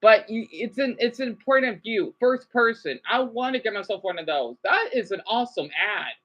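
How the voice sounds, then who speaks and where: A woman's voice: on the high side, lively intonation, moderate pace, a bit bright, highs cut off. A woman vlogger giving rambling, chatty livestream commentary with frequent restarts and check-ins with the audience.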